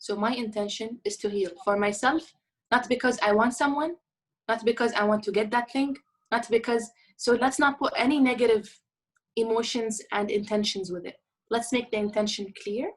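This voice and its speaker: A woman's voice: on the high side, fairly even intonation, moderate pace, poor audio. A woman giving a talk on healing, speaking earnestly and mixing in Arabic words as she acts out small dialogues. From Arab world. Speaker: motivational speaker.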